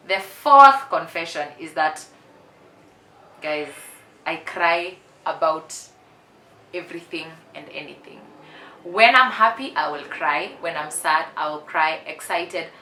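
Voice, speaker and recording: A woman's voice: deep voice, expressive, slow pace, sharp tone, a little hiss or hum. A woman in her twenties talking candidly and emphatically in a casual confessional vlog, repeating herself for effect. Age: 20s. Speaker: vlogger. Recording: roomy echo.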